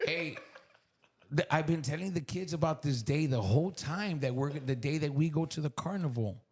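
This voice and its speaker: South texas guy telling a raw personal story, swears a lot, goes from whispering to loud, kinda high raspy voice. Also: moderate pace. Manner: raw, profane, swinging from hushed whispers to loud bursts. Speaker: podcast guest. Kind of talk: emotional storytelling.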